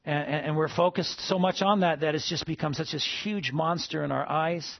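A man preaching a sermon to a congregation, rising to emphatic peaks and then dropping soft. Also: on the high side, fairly even intonation, moderate pace, vocal fry, no echo, dull audio. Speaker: pastor.

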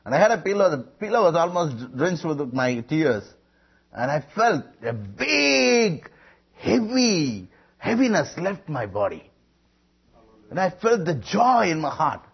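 A preacher man tells his testimony with a lively, swooping delivery. His voice is husky and sits a little high. The recording is dull and lo-fi. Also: normal speed. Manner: animated storytelling with calls to the congregation. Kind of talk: sermon testimony.

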